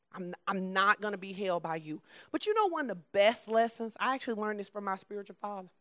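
A woman preaching a conversational sermon, blunt and emphatic, at times dropping soft and low. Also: no echo.

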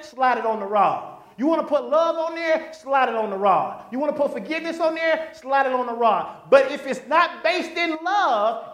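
High, lively-voiced preacher man in an echoey church. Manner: animated preaching with call-and-response questions. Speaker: pastor. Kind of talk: sermon. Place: church sanctuary.

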